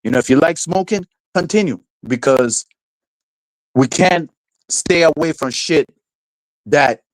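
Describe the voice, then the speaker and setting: A man's voice: on the high side, animated, measured pace, no room sound, rough recording. A man streaming live, ranting in a rambling way, repeating words, filling gaps with "like" and "you know", swearing casually and laughing often. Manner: rambling, repeats words, heavy fillers like 'like' and 'you know'. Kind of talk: rambling livestream rant.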